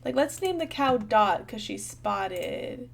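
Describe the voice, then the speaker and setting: A woman's voice: mid-range voice, lively intonation, takes it slowly, vocal fry, a little hiss or hum. A young woman giving casual, bubbly gameplay commentary, thinking aloud and chatting to her viewers. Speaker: gaming channel host.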